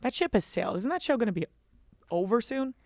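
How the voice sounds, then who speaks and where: A young woman hosting a podcast, telling animated, profane stories in casual chat. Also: on the high side, fast talker, dry recording, clean studio sound. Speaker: podcast host.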